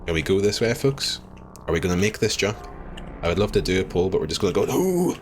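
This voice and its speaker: A man streaming a game live, chatting with viewers, swearing freely and reacting loudly to what happens on screen. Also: low-pitched, expressive, quick pace, a little hiss or hum. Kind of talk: live gameplay commentary.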